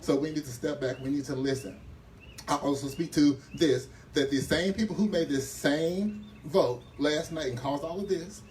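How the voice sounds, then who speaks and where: At an outdoor press conference, a community advocate rouses the crowd with a preacher-like address. His voice sits a little high with a darkish tone and a normal speed. The mic is distant and picks up faint ambient noise.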